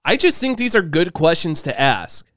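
Young man, teasing podcast banter, smooth clear voice, fairly high pitch, dry close mic. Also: very animated, normal speed, a bit bright, no echo. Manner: teasing, playful, jokey. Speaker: podcast co-host. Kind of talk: casual chat.

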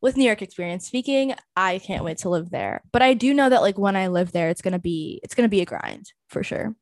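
A woman's voice: lowish voice, fairly quick, no room sound. A young woman co-hosting a casual podcast, playful and emphatic, often saying "literally". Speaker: podcast co-host. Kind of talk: casual chat.

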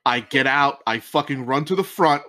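A man's voice: mid-range voice, normal speed. A middle-aged man co-hosting a podcast, telling a story with lots of swearing and acting out the text messages he got. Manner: profane, energetic, acts out text messages. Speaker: podcast co-host. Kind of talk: animated storytelling.

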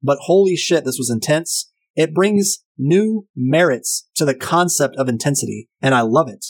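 A man's voice: a little high, expressive, normal speed, husky. A man casually retelling and reviewing a crime film, enthusiastic and profane.

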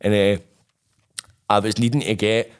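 A man's voice: on the low side, little pitch movement, measured pace, smooth. A young Scottish man, a podcast guest, animatedly retelling his story with plenty of swearing. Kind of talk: casual storytelling.

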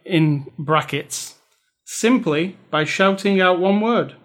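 A man's voice: high-pitched, slow pace, a bit bright. Chatty man hosting a movie podcast. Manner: chatty, joking, reads aloud with dramatic stress. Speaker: podcast host. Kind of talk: casual chat.

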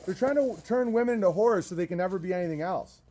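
A high-voiced man rants loudly into the mic, hammering each point home. His talk is blunt, full of swearing, and comes in fast bursts with long lists. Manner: loud, profane, emphatic ranting. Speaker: host. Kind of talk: ranting livestream talk. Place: outdoors in his garden.

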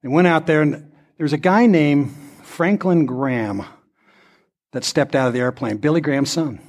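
A man's voice: on the high side, normal speed. A male pastor preaching a sermon that builds into an impassioned altar-call prayer. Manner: impassioned, rising to fervent prayer.

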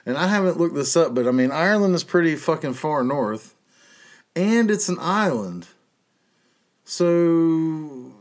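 A man's voice: fairly high pitch, lively intonation, unhurried. Middle-aged guy, cussing a lot, rambly solo podcast rant. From North Carolina, USA. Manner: profane, rambling, laughs at his own jokes. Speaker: podcast host. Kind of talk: casual monologue.

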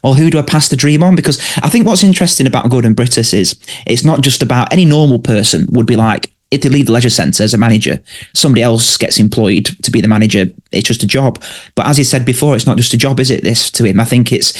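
A man's voice: medium pitch, fast talker, breathy edge. A man co-hosting a casual podcast, recapping scenes and speaking to listeners and his co-host.

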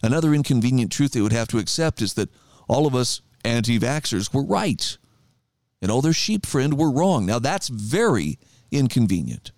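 A man's voice: medium pitch, sing-song, moderate pace, a little mellow, dry recording. A middle-aged man hosts his talk radio show, speaking in a conversational, reflective monologue. His voice moves animatedly up and down while he reads passages aloud with emphasis. The studio sound is dry and close.

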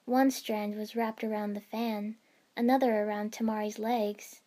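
A woman reading a first-person fan fiction story aloud in a steady storytelling manner. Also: mid-range voice, measured pace. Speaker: narrator.

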